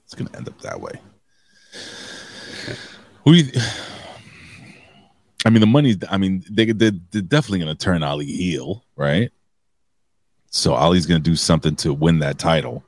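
A man's voice: low voice, animated, moderate pace, long pauses, dry recording, studio quality. A man co-hosting a wrestling review podcast, talking casually and animatedly, swearing freely and restarting his sentences. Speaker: podcast co-host.

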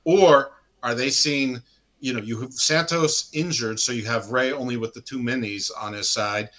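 A man's voice: medium pitch, normal speed, pushed and bright. A man co-hosting a wrestling podcast in casual chat, opinionated and explaining his views with frequent restarts. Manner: opinionated, explains booking logic with repeated restarts.

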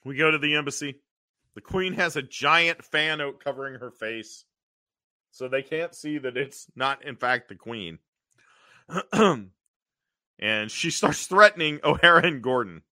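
A man co-hosting a podcast, recapping an old TV episode in an animated way, acting out the characters' lines and often clearing his throat. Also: a little high, a little slow, dry recording, clean studio sound. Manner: animated storytelling, acting out quotes in funny voices. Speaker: podcast co-host.

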